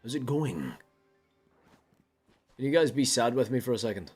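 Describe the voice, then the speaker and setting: A man's voice: medium pitch, expressive, moderate pace, darkish tone, slightly rough, faint music behind. A young man chatting casually with viewers while streaming a game, playfully mopey and theatrical. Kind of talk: casual live-stream chat.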